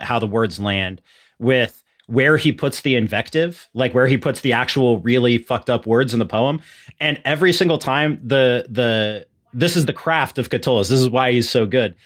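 A man's voice: mid-range voice, moderate pace, a bit bright. A young man co-hosting a podcast who tells academic stories in casual chat, rambling with frequent restarts. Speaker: podcast co-host.

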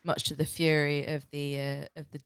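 A woman's voice: deep voice, little pitch movement, normal speed, clean tone, dry recording, clean studio sound. A young woman co-hosting a casual podcast, telling a rambling story full of fillers and restarts. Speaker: podcast co-host.

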